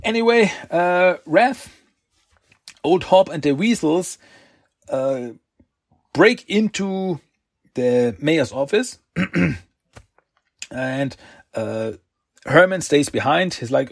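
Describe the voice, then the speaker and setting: A husky man with a fairly high voice recaps a comic story at an unhurried pace. He rambles, stops to fix names, and chuckles along. The sound is dry and close. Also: expressive, dry recording. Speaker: comic book recap host.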